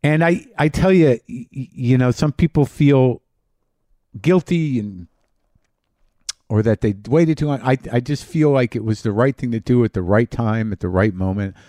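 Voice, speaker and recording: Halting, dark-voiced man talking. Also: medium pitch, dry recording, clean studio sound. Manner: halting, many restarts and fillers. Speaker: podcast host. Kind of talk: personal monologue.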